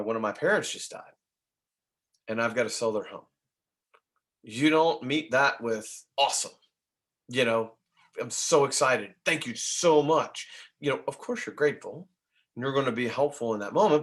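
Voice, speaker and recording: A middle-aged man talks agents through sales tips in a casual coaching style. He is chatty and animated, and his voice sits at an ordinary middle pitch. He often jumps into little acted-out phone conversations. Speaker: real estate trainer.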